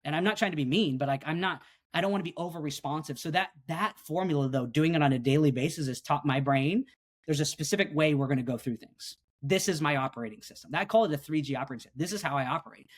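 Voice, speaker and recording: A middle-aged man, a coach and speaker, explaining his daily habits in a podcast interview, earnest and energetic, acting out his own inner dialogue. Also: a little high, quick pace.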